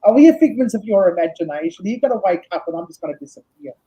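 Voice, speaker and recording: A tired woman hosting a casual live chat, laughing often and reading out viewers' comments in a husky voice. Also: fairly low pitch, lively intonation, fast. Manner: chatty, laughs often, reads comments aloud. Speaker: host. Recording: dull lo-fi stream audio.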